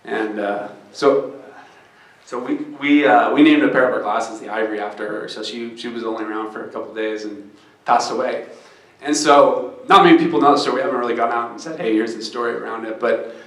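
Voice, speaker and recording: A man who founded a startup talks to an event audience in an earnest, storytelling way. His pitch sits in the middle. His voice bounces around an echoey room. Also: brisk, a bit bright. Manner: earnest and storytelling, gets choked up, many restarts. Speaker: startup founder speaking on stage. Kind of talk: live fireside chat.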